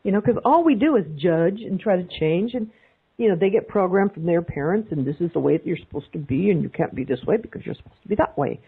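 A woman with a breathy, husky voice talks through a narrow, phone-like call connection. She coaches a group with animated emphasis. She keeps repeating her key phrases. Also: on the low side, fast. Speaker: guest speaker, life coach. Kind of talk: motivational talk on a group call. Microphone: video call.

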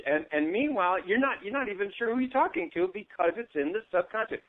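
An animated man talks in a fairly high voice, laughing often and acting out other people's voices. The sound is thin and phone-like. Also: fast talker, hardly any pauses. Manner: animated, laughs often, acts out voices when telling stories. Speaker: guest. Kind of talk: casual conversation. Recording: tinny phone-like audio.

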